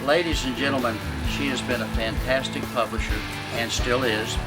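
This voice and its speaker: A retired detective turned author talks to an audience about his books and his work, acting out the people he quotes like an animated storyteller. His voice is mid-range and his pace normal. It's a promotional talk, captured in a low-quality recording over loud music.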